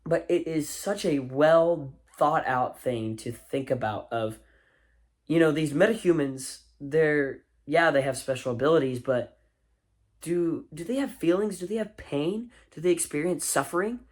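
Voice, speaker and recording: A man's voice: a little high, a little slow. A man giving a casual spoken movie review, enthusiastic and rambling, with fillers and restarts.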